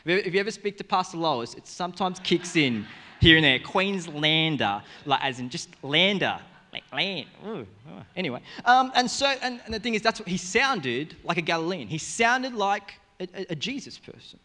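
A young man preaches to his congregation with a notably high voice for a man. His delivery is casual and energetic, and he often breaks into side remarks and restarts his sentences as he goes. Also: brisk, long reverb tail. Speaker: pastor. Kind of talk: sermon.

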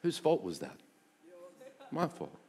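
A middle-aged man, preaching a sermon and telling a personal story in an animated way, dropping to hushed tones and rising to loud bursts. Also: medium pitch, takes it slowly. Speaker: pastor.

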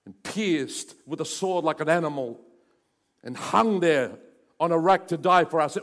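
A male pastor preaching a sermon, building to loud emphatic runs and then dropping to hushed, intense passages. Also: a little high. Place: church sanctuary. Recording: church hall reverb.

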